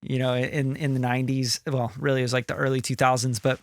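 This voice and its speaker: A man's voice: medium pitch, flat delivery, quick pace, no echo. A middle-aged man co-hosting a music podcast, talking loosely and rambling, swearing casually. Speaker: podcast co-host, music producer. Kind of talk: casual chat.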